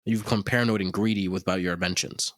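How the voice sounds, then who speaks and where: A man's voice: sits low, fairly even intonation, very fast, fairly bright tone, dry recording, studio quality. A man co-hosting a casual podcast, telling a story in a rambling, profane way with lots of fillers. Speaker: podcast co-host.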